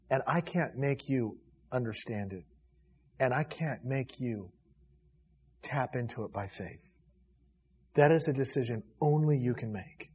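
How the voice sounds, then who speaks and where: A man preaches to his church in a husky voice, his delivery rising to loud appeals and sinking to near-whispers. The recording is dull and lo-fi, as if taped during a service. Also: medium pitch. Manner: preaching with swells from loud to hushed. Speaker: pastor. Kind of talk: sermon.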